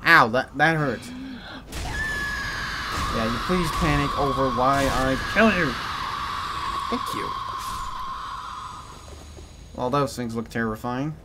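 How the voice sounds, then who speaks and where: A man giving a commented game playthrough, with a mix of American and British in his accent, swinging from panicked shouts to dry muttering. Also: mid-range voice, slow pace, long pauses, very noisy. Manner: excitable, yelps and shouts in panic, then mutters dryly. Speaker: gaming commentator.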